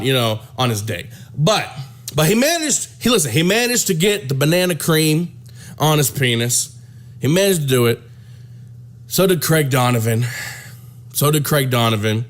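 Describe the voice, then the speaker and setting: A man telling a crude comic story, rambling and repeating himself with animated delivery. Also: medium pitch. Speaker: comedian storyteller.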